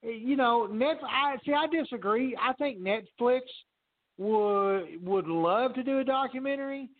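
A man's voice: very high-pitched, a little slow. A man co-hosting a podcast, talking casually and animatedly, swearing freely. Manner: animated, swears freely, quotes others in voices. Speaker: podcast co-host. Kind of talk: casual profane chat. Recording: dry, phone-like narrow sound.

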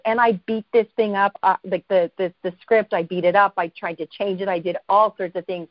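A woman guest telling a story in a casual interview, lively and self-deprecating, acting out the voices of people she quotes. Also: mid-range voice, dry recording, lo-fi sound.

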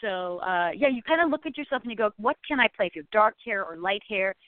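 Over a tinny, thin-sounding phone line, a chatty actress with a mid-range voice talks fast and animatedly as a call-in interview guest. Her voice is dry with no room sound, and she rambles, full of fillers and restarts.

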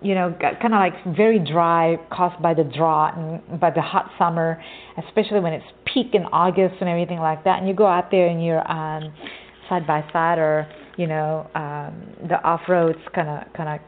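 A young Californian woman hosts an informal talk, her voice sitting a little low and coming through thin and phone-like. She rambles in an easy conversational way and keeps looping back to things she already said. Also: fairly even intonation, normal speed. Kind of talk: casual informational monologue. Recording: tinny phone-like audio.

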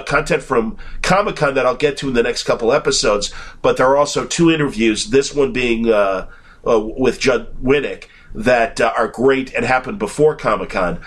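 Podcast host, male, Chicago accent, congested with a cold, casual and rambling, mid-pitched voice. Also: a bit bright. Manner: rambling, many filler "uh"s. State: has a cold.

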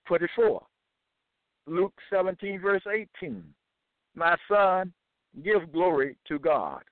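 A man teaching from scripture in a deliberate, measured way, citing each chapter and verse aloud. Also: high voice, very animated, no echo. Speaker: bible teacher. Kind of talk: slow scripture reading and teaching. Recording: dry, tinny phone-like sound.

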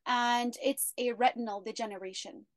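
Woman, interview guest, higher voice, earnest, reflective, dry recording. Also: steady tone, moderate pace, no room sound. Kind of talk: interview storytelling.

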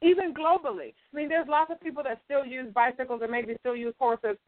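A woman's voice: high voice, a little fast. A woman co-hosting a motivational talk show, emphatic and fond of saying "absolutely". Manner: emphatic, says "absolutely" often. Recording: phone-line audio, dry.

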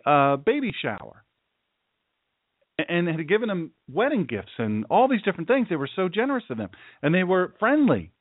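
Emphatic preacher, tinny phone-like sound. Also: male voice, fairly high pitch, no echo. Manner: forceful, emphatic preaching with repetition. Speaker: pastor and show host. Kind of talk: preaching talk show.

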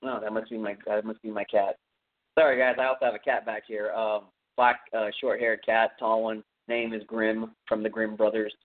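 A man's voice: on the low side, level tone, moderate pace. A man hosting a podcast from his home, recapping a horror film in a casual, rambling way with lots of fillers. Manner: rambling, many fillers, conversational. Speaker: podcast host. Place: home room with a cat. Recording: phone-like narrow sound.

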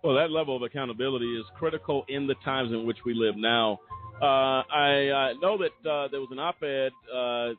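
A man's voice: mid-range voice, normal speed, soft background music. Radio host man on a phone line. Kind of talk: radio talk show hosting.

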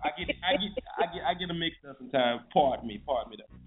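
Male radio co-host, loose joking slang banter, lo-fi line, soft music under. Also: fairly high pitch, lively intonation, racing. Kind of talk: casual morning show banter. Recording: tinny phone-like lo-fi audio.

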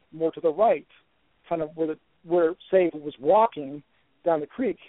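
An older man telling a long story as a guest on a talk show, animated and often restarting his words. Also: fairly high pitch, dry recording. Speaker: guest researcher. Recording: tinny dry phone line.

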